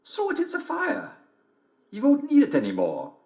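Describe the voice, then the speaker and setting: A man voicing a sly wolf that fakes a grandmother's voice in a shrill, wheedling falsetto. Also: huge pitch swings, moderate pace, highs cut off, exaggerated voice.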